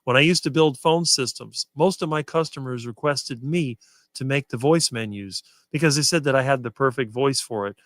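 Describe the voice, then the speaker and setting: Middle-aged male guest, smooth talker with no ums, dry close mic. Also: mid-range voice, fairly bright tone, no echo. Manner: fluent and quick, few fillers. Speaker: guest on a diet talk show. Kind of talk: casual conversation on a live stream.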